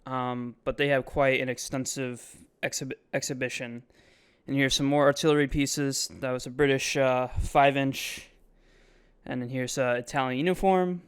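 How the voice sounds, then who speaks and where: Guy rambling over his own video clips, lots of ums and likes, super smooth clean voice, middle pitch. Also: steady tone, moderate pace. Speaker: vlogger. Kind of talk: casual voice-over commentary. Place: voice-over, not recorded in the museum.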